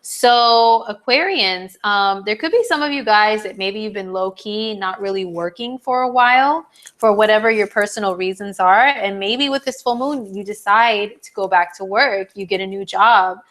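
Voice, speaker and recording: A woman hosting a live horoscope stream in a casual, chatty way, full of "like" and "um", her voice slightly hoarse. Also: mid-range voice, normal speed, fairly bright tone. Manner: chatty, lots of "like" and "um", reads viewer comments aloud.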